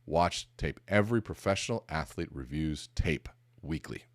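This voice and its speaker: A man hosting a podcast, giving a motivational talk and telling an animated story with acted-out dialogue. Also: extremely low pitch, normal speed, no echo, studio quality. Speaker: podcast host.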